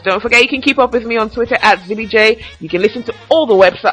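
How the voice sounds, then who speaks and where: A woman hosts a casual solo podcast, chatting and reading fan tweets aloud. Her voice is bright and forceful, and she talks in a lively way and laughs often. Faint music plays quietly behind her. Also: mid-range voice, slightly rough, low-quality recording. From Nigeria. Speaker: podcast host.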